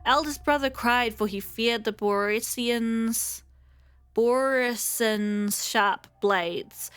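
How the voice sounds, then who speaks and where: A woman's voice: medium pitch, fairly bright tone, no echo. A young woman hosting a let's play, chatting casually and reading the game's text aloud with frequent fillers. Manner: reads game text aloud between remarks, frequent fillers. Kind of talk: casual gameplay commentary.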